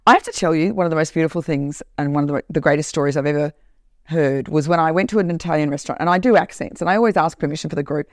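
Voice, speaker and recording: A woman who is a corporate trainer and podcast host, telling a story in an animated, emphatic way in a casual monologue. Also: low voice, racing, no room sound, studio quality.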